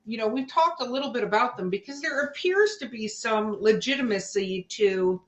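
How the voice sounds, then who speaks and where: A woman's voice: mid-range voice, a bit bright, lo-fi sound. A woman hosting a podcast, chatting casually and musing aloud with rhetorical questions. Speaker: podcast host. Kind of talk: casual chat. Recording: roomy echo.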